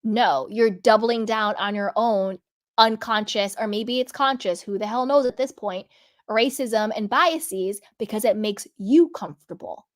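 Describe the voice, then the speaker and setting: A woman's voice: medium pitch, a little slow. A woman hosting a reality TV commentary vlog, speaking earnestly and candidly and stretching out the words she wants to stress. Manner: candid, personal storytelling. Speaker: vlog host.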